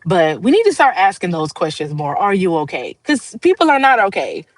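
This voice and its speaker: A woman talks straight to her livestream viewers, earnest and a little rambling, with frequent laughs. Her voice sits at a middling pitch for a woman. The sound is dry and close, with no room echo. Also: sing-song, a little fast. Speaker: livestream host. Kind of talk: casual heartfelt monologue.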